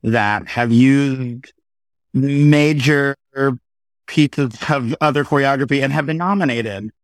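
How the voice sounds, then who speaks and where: A man in his thirties chats as an interview guest in a mid-range voice. He tells stories with animated asides and quick shifts of pace. The sound is dry and close, with no room echo. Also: mid-range voice. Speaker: guest, Broadway performer. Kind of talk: casual interview chat.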